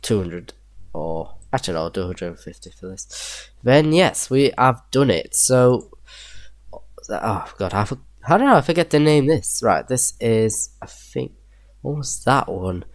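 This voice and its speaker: A man's voice: mid-range voice, big pitch swings, unhurried, no room sound. A young man with a Yorkshire accent, casually thinking aloud while building a train map in a game, chuckling to himself now and then. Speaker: gameplay video creator. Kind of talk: casual gameplay commentary.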